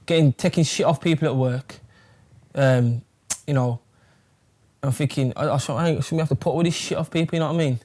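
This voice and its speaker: A man's voice: on the high side, brisk, darkish tone. A young man from England, chatting casually in an interview, rambling with plenty of fillers and swearing. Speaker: fighter.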